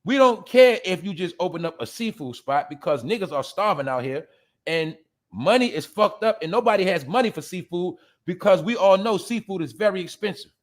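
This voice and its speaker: A man's voice: high voice, animated, a little fast. A man hosting a show, delivering blunt, profane commentary, calling out to his listeners as y'all and laughing at his own jabs. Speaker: show host. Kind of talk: ranting commentary.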